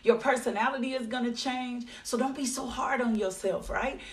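A woman's voice: fairly high pitch, moderate pace, far from the mic. A woman leading a daily devotional, encouraging listeners and praying fervently with many repeated phrases. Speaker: devotional leader. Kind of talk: devotional talk and prayer.

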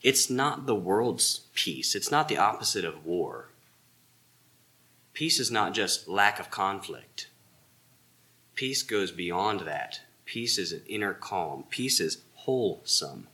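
Deep, bright-voiced man teaching Bible class. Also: big pitch swings, slow pace. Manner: earnest, emphatic explaining with rhetorical questions.

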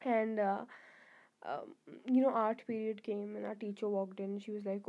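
A woman's voice: mid-range voice, flat delivery, normal speed, highs cut off. A young woman telling a school story in a casual vlog, rambling with many fillers and restarts. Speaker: vlogger.

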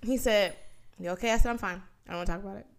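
A woman's voice: medium pitch, rapid-fire, a crowd in the background. A woman co-hosting a podcast, telling a story in casual chat and acting out the dialogue with slang. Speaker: podcast co-host.

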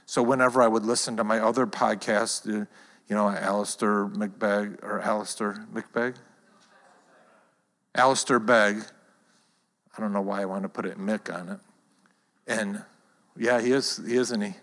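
A man's voice: lowish voice, fairly even intonation, normal speed, long pauses, fairly bright tone. A man leading a church talk, telling a personal story in a conversational way to his congregation. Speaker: church leader. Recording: long hall reverb.

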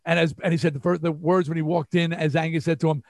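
This fast-talking older guest musician has a fairly high, creaky voice and a New York accent, being from the New York area. In a storytelling interview he animatedly acts out what others said, captured in dry, studio-quality sound.

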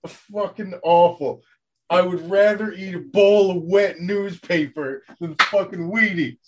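A man's voice: sits high, a little slow. A man co-hosting a podcast in casual chat, reacting with exaggerated disbelief. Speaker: podcast co-host.

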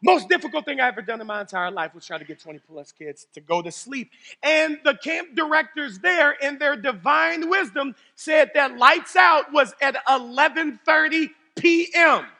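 A man preaching a sermon as pastor, telling stories animatedly, swinging between loud exclamations and low serious tones. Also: lively intonation, normal speed, big-room sound. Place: church sanctuary.

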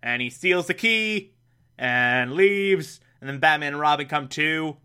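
A young man casually recapping an old show with sarcastic asides, laughing often and dropping into quick mock voices. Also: a little high, bright, forceful tone, clear, resonant tone. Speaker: podcast host recapping a show.

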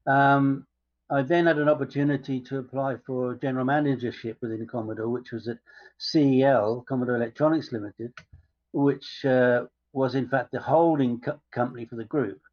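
Measured man, guest on a call. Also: medium pitch, fairly even intonation. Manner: measured, frequent "um" pauses. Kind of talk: podcast interview. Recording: slightly dull lo-fi audio.

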